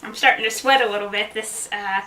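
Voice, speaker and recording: A woman's voice: mid-range voice, steady tone, fairly quick, bright, forceful tone. A woman hosting a home cooking show, chatting and joking through a recipe and laughing at her own puns, recorded in a home kitchen. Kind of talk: casual cooking demonstration.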